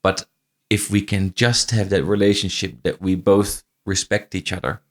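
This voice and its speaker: A middle-aged franchise CEO, not a native English speaker, tells stories as a guest on a podcast in a casual interview. His low voice has little pitch movement and a normal speed, with a faint Irish-tinged accent, and he often restarts and repeats phrases.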